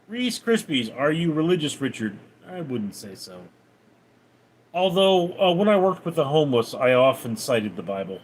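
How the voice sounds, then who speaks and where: A man's voice: a little high, sing-song, normal speed. A man livestreaming, reading viewers' names and comments aloud, then answering them offhand. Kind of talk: reading out and answering live chat.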